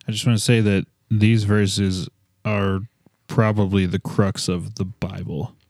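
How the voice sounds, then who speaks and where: A man's voice: fairly low pitch, flat delivery, a little slow, darkish tone, no room sound, clean studio sound. A man co-hosting a casual Bible study podcast, chatty, jumping in with asides and fun facts. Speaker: podcast co-host.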